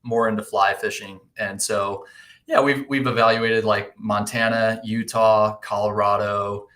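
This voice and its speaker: Give me an earnest, thoughtful man as a podcast guest, with a bright, forward tone. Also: on the low side, level tone, unhurried. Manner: earnest, thoughtful, restarts a lot. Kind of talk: casual podcast chat.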